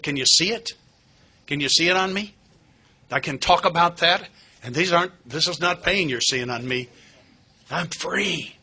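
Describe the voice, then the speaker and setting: A man's voice: a little high, normal speed, bright, forceful tone. A middle-aged man giving a candid personal testimony at a recovery meeting, earnest and plain-spoken with touches of wry humor. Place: meeting hall.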